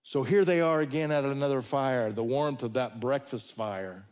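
A male preacher delivering a sermon, telling stories with folksy humor and dramatic pauses. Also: mid-range voice, darkish tone.

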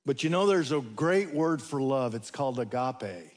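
A male preacher delivering a sermon, telling stories with folksy humor and dramatic pauses. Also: medium pitch, animated.

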